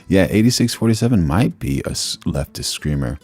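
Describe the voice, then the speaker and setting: A man's voice: low voice, animated, normal speed, darkish tone, breathy edge. A man hosting a live reaction stream, talking in a laid-back, rambling, slangy way into a streaming mic. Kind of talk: casual live-stream commentary.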